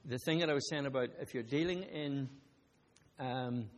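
A man's voice: mid-range voice, normal speed, in a large hall. A man preaching a sermon to a congregation, talking conversationally with asides and rising into emphatic bursts. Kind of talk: sermon with a told story.

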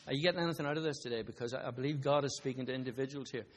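A man's voice: mid-range voice, very fast, big-room sound. A man preaching a sermon to a congregation, talking conversationally with asides and rising into emphatic bursts. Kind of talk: sermon with a told story.

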